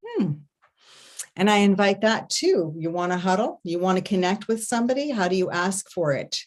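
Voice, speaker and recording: A woman giving an online festival talk as an intimacy coach, expressive, humming and acting out little sounds to demonstrate her points. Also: medium pitch, a little fast. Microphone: online video talk.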